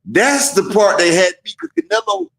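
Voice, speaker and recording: A man with a high-set voice talks through fight moments in an animated, profane way and acts out the boxers' lines. He sounds like he is in a roomy, echoey space. It is a casual live stream chat. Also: normal speed. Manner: animated, profane storytelling with acted-out quotes. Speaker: boxing stream co-host.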